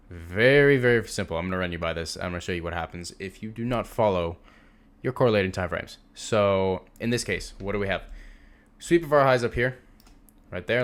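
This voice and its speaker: A man's voice: low-pitched, a bit bright. A young man teaching a trading lesson over a screen share, casual and emphatic, repeating words for stress. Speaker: trading instructor.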